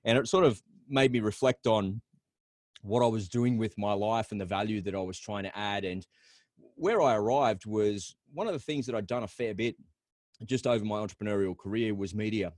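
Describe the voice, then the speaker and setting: A middle-aged man with an Australian accent speaks in a somewhat low voice as a podcast guest. He thinks aloud, restarting and repeating words as he tells his story openly. The sound is dry and close, with almost no room echo. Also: normal speed. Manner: rambling, repeats words, candid. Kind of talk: reflective interview storytelling.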